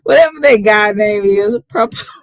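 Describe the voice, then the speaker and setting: A woman's voice: mid-range voice, normal speed, no echo. A woman with a Texas accent hosting a casual live stream, a little tipsy, laid-back and laughing often as she greets viewers by name. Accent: Texan.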